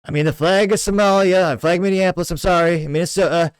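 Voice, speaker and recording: A blustering older politician boasts and sneers in a loud, pitched-up bark, as a man puts him on. The voice sits back from the microphone. It rings dry, with no room around it. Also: fairly even intonation, brisk, smooth, no echo, close to an everyday voice, rough recording.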